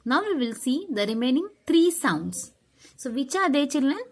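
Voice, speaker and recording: A woman teaching a phonics lesson to young children, slowly sounding out letters and words one at a time. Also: high-pitched, very animated. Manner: slow, sounding out letters one by one, sing-song.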